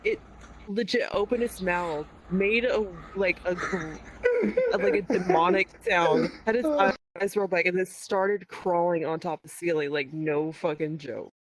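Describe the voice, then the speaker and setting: A woman's voice: on the low side, moderate pace, background noise. Profane woman telling a spooky story. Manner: profane, animated retelling with quoted dialogue. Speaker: podcast guest. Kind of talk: casual storytelling.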